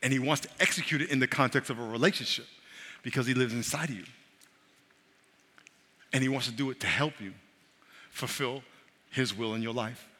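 A middle-aged male pastor preaching a sermon, animated and repetitive, often checking that his congregation is following along. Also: mid-range voice, brisk, long pauses. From New York. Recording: long reverb of a large hall.

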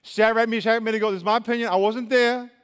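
A young man preaching as a youth pastor, animated and colloquial, swinging between loud and hushed. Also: extremely high pitch, rapid-fire, clear, resonant tone. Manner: colloquial, says y'all. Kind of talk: sermon. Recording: long reverb of a large hall.

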